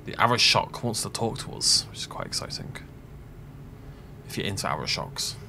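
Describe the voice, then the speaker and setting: Man, let's play host, rambling gaming chat, very lively pitch, frequent laughs. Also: normal speed, gravelly, a little hiss or hum. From half Irish. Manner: rambling, chatty, laughs often. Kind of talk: casual gaming commentary.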